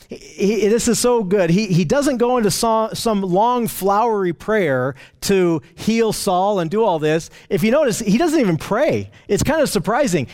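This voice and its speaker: Man, Bible teacher, high voice, earnest and emphatic. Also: darkish tone. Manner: earnest, emphatic, with frequent restarts.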